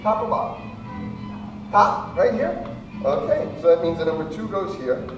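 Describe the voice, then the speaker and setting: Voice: mid-range voice, big pitch swings, normal speed, far from the mic, lo-fi sound. A stage magician telling a comic story with mock panic and calling up audience volunteers at a live show, recorded from the audience on a camera mic. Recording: echoey hall from afar, music behind.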